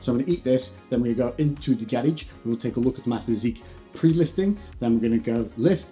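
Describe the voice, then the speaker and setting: A man's voice: medium pitch, fast, warm tone, faint music behind. A young man chatting casually to camera about his diet and training, playful, with silly whoops and hums. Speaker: fitness vlogger. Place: home and garage gym. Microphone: shotgun mic on camera.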